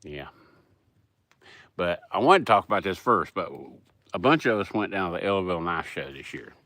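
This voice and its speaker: A man's voice: low voice, animated, moderate pace, sharp tone, dry recording. A middle-aged man with a Southern US accent, hosting a casual livestream and rambling in a folksy way as he answers chat. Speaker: livestream host.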